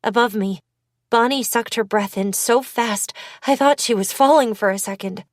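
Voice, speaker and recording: A woman reading first-person audiobook narration in a measured, deliberate manner. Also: a little high, no room sound, studio quality.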